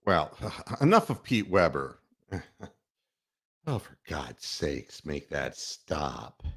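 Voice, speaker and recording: A man's voice: a bass voice, big pitch swings, slow pace, a bit bright, breathy edge. A man hosting a podcast, ranting sarcastically and swearing freely. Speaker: podcast host. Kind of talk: profane rant.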